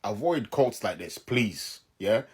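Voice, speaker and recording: A man's voice: lowish voice, expressive, slow, husky. A man from Southern Africa giving casual reaction commentary, exasperated and incredulous, often laughing in disbelief.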